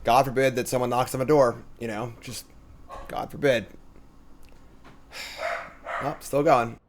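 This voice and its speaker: A man's voice: mid-range voice, steady tone, unhurried, slight background noise. A man streaming a card game, thinking aloud in casual commentary and trailing off with fillers.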